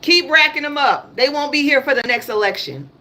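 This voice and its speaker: A woman's voice: high-pitched, expressive, moderate pace, bright, forceful tone. A woman in her thirties speaking African American English, hosting a casual livestream and ranting bluntly, repeating her points and swearing. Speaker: livestream host. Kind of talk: casual political livestream rant.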